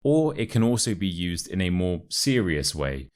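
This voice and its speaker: A man with a modern RP British accent teaching English expressions, repeating phrases slowly and clearly to show how they sound, with light, playful asides. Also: sits low, sing-song. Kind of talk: teaching with pronunciation drills.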